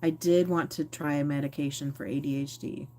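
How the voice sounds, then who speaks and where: A woman's voice: low-pitched, steady tone, a little fast, dark tone. A woman vlogger talking candidly to camera, reflective and rambling, with many fillers and self-corrections. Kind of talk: candid personal talk to camera.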